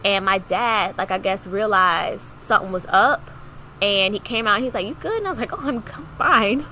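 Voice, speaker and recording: A young woman co-hosting a podcast, telling a personal story in a chatty way, acting out the voices of people in it with big jumps in pitch. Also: normal speed, slight background noise, poor audio. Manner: animated, acts out quoted dialogue with big pitch jumps; chatty, heavy use of "like" fillers. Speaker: podcast co-host.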